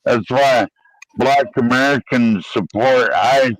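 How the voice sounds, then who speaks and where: Male panel caller, mid pitch, slow and blunt, dry sound. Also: no room sound, poor audio. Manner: slow, blunt, profane opinions. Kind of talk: casual panel chat.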